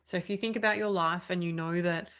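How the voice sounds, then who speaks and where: Woman coach in her thirties, low gravelly voice, candid and chatty, online video call. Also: fairly even intonation, quick pace, fairly bright tone. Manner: candid, chatty, laughs often. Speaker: trauma coach. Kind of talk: live online workshop talk.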